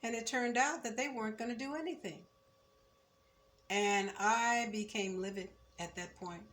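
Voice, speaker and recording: A woman's voice: fairly high pitch, fairly bright tone. Reflective older woman telling her story. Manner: measured, reflective, firm when recalling injustice. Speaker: former student recounting memories. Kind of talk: oral history storytelling.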